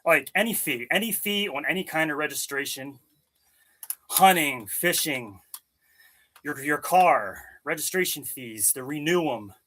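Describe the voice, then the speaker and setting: Bright-voiced man chatting casually, profane. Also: on the high side, lively intonation, measured pace. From Maryland, USA. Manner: loose, profane, rambling. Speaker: fitness vlogger. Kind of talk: casual chat with live chat during workout. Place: home gym.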